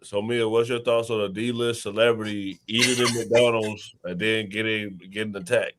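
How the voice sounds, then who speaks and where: A man's voice: on the low side, steady tone, moderate pace, a bit bright, a little hiss or hum. A man hosting a casual talk show, joking and leading his panel. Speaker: show host.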